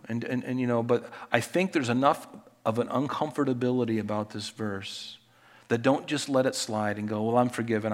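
Man, pastor, sermon, emphatic scripture reading, long reverb. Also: mid-range voice.

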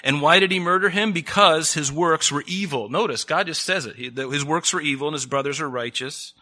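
A man preaches a sermon conversationally, frequently putting questions to the congregation. His voice is a little high and bright, his delivery a little fast and forceful.

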